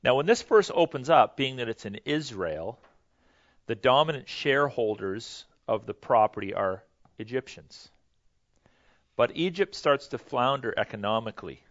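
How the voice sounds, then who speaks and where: A man's voice: medium pitch, animated, moderate pace, no echo, lo-fi sound. Conversational man giving a history lecture. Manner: conversational, loose, self-correcting, many fillers. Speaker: teacher.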